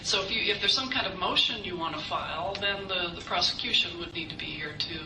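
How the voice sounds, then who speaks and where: A woman judge answering a defendant's questions, measured and a bit hesitant. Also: lowish voice. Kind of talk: courtroom procedure. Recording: distant, roomy courtroom recording with hiss.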